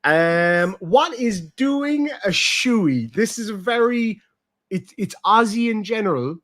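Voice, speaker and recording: A young man holds a loose, swear-filled chat and explains slang with animated energy. His voice sits a little higher than most men's. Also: slow. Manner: profane, animated storytelling. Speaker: streamer host. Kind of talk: casual chat.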